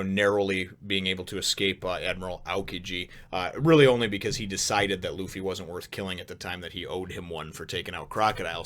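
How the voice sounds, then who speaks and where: A man hosting a casual spoken review, chatty and rambling, who laughs often and gets excitable. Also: low-pitched. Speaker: manga chapter reviewer, show host.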